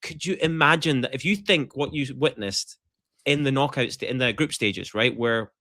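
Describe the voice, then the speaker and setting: A Scottish man chatting as a podcast co-host. His talk is animated and jokey, and it is peppered with swearing. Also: mid-range voice, normal speed. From Scotland. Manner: animated, joking, swears freely. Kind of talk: casual chat.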